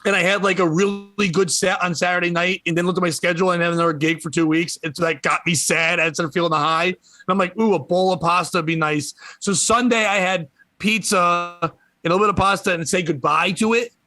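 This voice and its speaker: A man's voice: high voice, fairly even intonation, sharp tone, dry recording. A comedian in his thirties from Connecticut, chatting on a podcast with jokes and swearing. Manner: joking, swearing, quick riffs. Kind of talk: casual chat.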